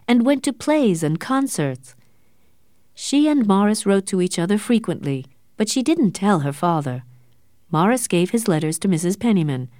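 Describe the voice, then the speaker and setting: Low-voiced woman narrating a novel. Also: darkish tone, dry recording, studio quality. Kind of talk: scripted audiobook narration.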